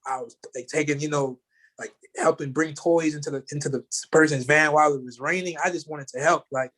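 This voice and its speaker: A man's voice: a little high, steady tone, brisk, fairly bright tone. A man guest telling a personal story in casual chat, rambling with lots of fillers. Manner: rambling, many fillers like "you know" and "like".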